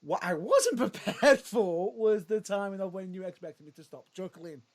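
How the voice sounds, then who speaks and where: Man co-host, casual podcast banter, animated, slightly high voice, rambling and giggly. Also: normal speed. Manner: rambling, giggly, self-interrupting. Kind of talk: casual chat.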